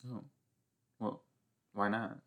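A man hosting a podcast, reacting casually and with lots of exclamations while watching a TV episode. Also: slow pace. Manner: exclaiming, chatty, loose and animated.

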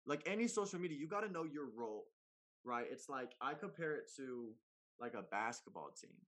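Brief: man, mid-pitched, animated slangy talker, casual podcast guest. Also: brisk. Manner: animated, slangy, big swings in pitch and loudness. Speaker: comedy content creator guest.

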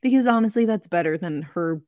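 A young woman co-hosting a podcast, reacting to the story with exclamations and quick asides. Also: fairly low pitch, expressive, mellow, dry recording, studio quality. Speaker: podcast co-host. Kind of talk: casual chat reacting.

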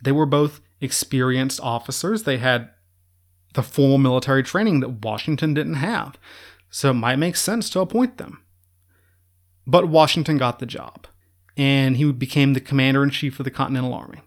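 A man's voice: medium pitch, normal speed. A man hosting a history show, talking casually and jokily, with many asides and restarts. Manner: jokey, conversational, full of asides and restarts. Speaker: history podcast host.

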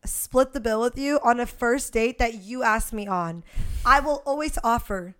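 A young woman with a slightly high voice, co-hosting a podcast in casual, unfiltered chat. She is blunt and profane and speaks frankly. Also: moderate pace, a bit bright. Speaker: podcast co-host.

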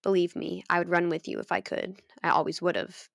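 A woman reading aloud as a cold, bitter young male wizard in a low, subdued voice. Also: flat delivery, a little fast, gravelly, fairly bright tone, no room sound, studio quality.

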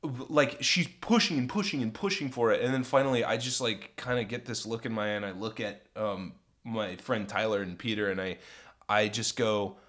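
A man's voice: on the low side, moderate pace. A man co-hosting a podcast, telling a long story in casual chat and jumping into raised voices to act out what people said. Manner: animated, acts out quotes in raised voices. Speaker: podcast co-host.

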